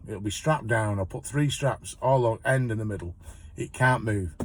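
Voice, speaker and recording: A man's voice: fairly low pitch, lively intonation, moderate pace, pauses often, a little hiss or hum. A man, a van courier, telling a long chatty story about his work in a rambling way, restarting his sentences often. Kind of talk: casual storytelling monologue.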